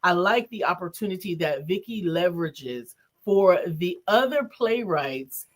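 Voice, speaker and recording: A woman's voice: fairly low pitch, animated, measured pace. A woman co-hosting a casual talk show, chatty and affirming, laughing often.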